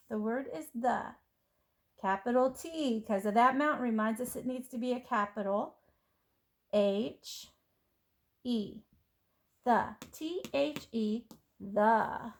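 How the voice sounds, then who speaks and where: A woman teaching kindergarten children phonics, sounding out letters and words slowly and clearly in a patient, encouraging way. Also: a little high. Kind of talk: phonics lesson for young children.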